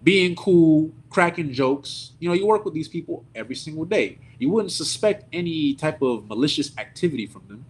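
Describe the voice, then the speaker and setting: A man preaching at a service, telling a story in an animated, indignant, conversational way. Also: a little high, normal speed, few pauses, a little hiss or hum. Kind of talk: sermon storytelling.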